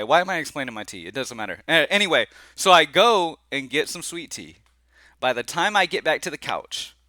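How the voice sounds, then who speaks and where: A man's voice: fairly high pitch, pushed and bright, no echo. A man hosting a sports betting picks channel, talking casually and rambling with lots of fillers. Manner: laid-back, chatty, rambling with fillers and y'all. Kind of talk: casual vlog-style talk to camera.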